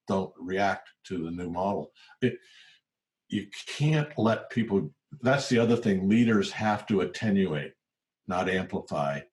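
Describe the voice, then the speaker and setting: A man in his sixties with a fairly low voice talks casually in an interview. He tells stories from his years as an executive and acts out the voices of the people in them. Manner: animated storyteller who acts out quoted voices. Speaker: guest, former tech CEO.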